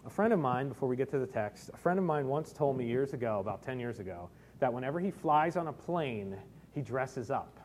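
A man's voice: medium pitch, lively intonation, a little fast, darkish tone, a little hiss or hum. A middle-aged man preaching a sermon, telling personal stories with self-deprecating humor. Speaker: pastor.

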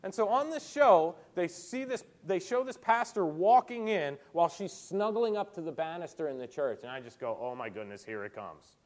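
A male preacher giving a sermon as an animated storyteller who acts out the people he quotes. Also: high voice, normal speed, few pauses.

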